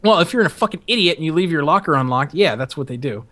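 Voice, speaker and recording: A man's voice: on the high side, animated, rapid-fire, fairly bright tone. A young man hosting a podcast and telling a story in a casual, profane, rambling way, often laughing. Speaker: podcast host.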